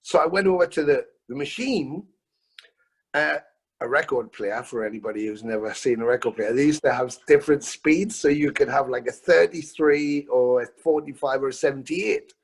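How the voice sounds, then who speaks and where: Husky middle-aged man telling stories. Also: medium pitch, normal speed. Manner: animated, swears freely, stumbles and restarts. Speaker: musician guest. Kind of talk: casual storytelling interview. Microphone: video call.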